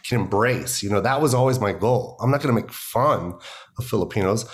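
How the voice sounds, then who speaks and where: A man's voice: fairly low pitch, fairly quick. A middle-aged American man, a comedian being interviewed, talking emphatically and animatedly with many "you know"s. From United States. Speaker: guest comedian. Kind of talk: conversational interview.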